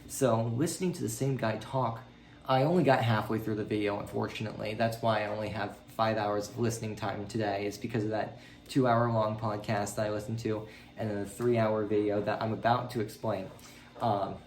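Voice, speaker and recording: A man talking casually in a video diary about learning a language. He rambles with many ums and jumps his pitch up when he quotes his own reactions. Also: steady tone, brisk, echoey room.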